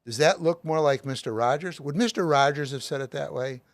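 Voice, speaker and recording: A man's voice: a little high, a little fast, no room sound. Middle-aged guy on an interview, explains stuff with tons of examples, pretty emphatic. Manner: emphatic, uses lots of everyday examples. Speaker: author and guest speaker.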